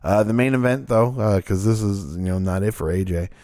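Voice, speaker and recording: A man's voice: on the low side, a little fast, warm tone, dry recording. A man co-hosting a podcast in loose, rambling casual chat, swearing freely. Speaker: podcast co-host.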